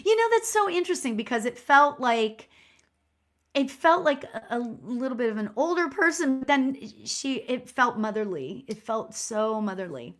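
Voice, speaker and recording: A woman's voice: fairly high pitch, expressive, moderate pace. A woman working as a spiritual medium, giving a live online reading in a chatty, encouraging way with lots of "you know" fillers. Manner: warm and encouraging toward viewers.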